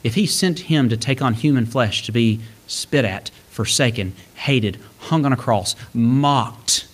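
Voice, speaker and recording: A man preaching a sermon, reading scripture verses aloud and explaining them, his delivery rising and then dropping low for emphasis. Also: unhurried. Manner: expository preaching, reads scripture aloud, swings between lifted and hushed delivery.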